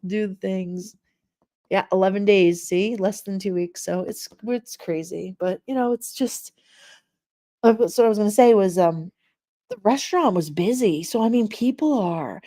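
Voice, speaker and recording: Chatty laughing woman with a mellow voice. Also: mid-range voice, normal speed. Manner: chatty storyteller, laughs often, acts out voices in anecdotes. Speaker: live stream host. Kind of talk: casual chat with live chat viewers.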